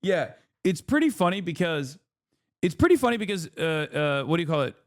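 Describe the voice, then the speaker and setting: A man's voice: sits high, sing-song, brisk. A man streaming live commentary on the news, sarcastic and profane, with frequent fillers and rhetorical questions. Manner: mocking and rhetorical.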